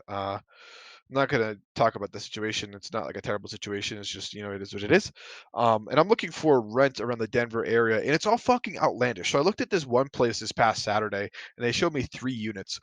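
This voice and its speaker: Hosting a casual podcast on his own, a man swears freely and gets worked up into heated rants, leaning on fillers like "you know" and "like." His voice is mid-range and fairly bright, captured in a dry recording.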